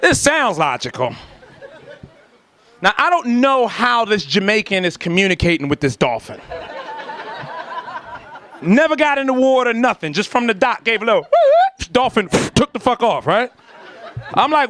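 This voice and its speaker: A man doing a stand-up comedy set, telling a story with lively acted-out voices and shouts before a laughing audience. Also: very high voice, moderate pace, long pauses.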